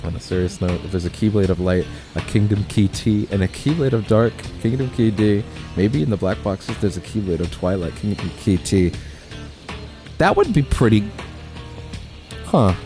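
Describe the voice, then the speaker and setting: A male let's play host chats loosely into a studio microphone, circling his point with fillers and restarts. His pitch is lively and moves around a lot. Faint music plays under him. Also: moderate pace. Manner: rambling, with many fillers and self-corrections. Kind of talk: casual gaming commentary. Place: home recording setup.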